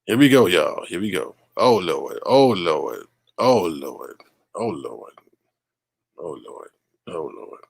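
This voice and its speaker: Lively middle-aged man reading news. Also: sits low, slow, gravelly, long pauses, breathy edge, no echo, clean studio sound. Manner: animated, exclaiming and laughing at the story; reads news aloud and talks to the chat. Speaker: live-stream host. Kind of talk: live-stream news commentary.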